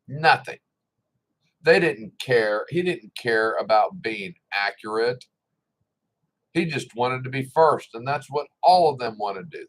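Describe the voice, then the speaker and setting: Blunt, indignant low-voiced man. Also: low-quality recording. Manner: blunt, indignant, sarcastic, swears freely. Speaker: political commentator. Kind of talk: casual opinion monologue.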